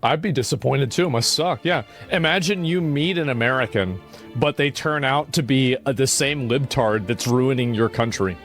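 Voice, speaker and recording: Man, podcast chat, sarcastic, middle pitch, faint music behind. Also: moderate pace.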